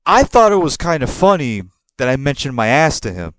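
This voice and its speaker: A man's voice: mid-range voice, big pitch swings, fairly quick, fairly bright tone, no echo. A man in his twenties hosting a podcast, telling a personal story casually, rambling with repeated words and laughing at himself. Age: 20s. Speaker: podcast host.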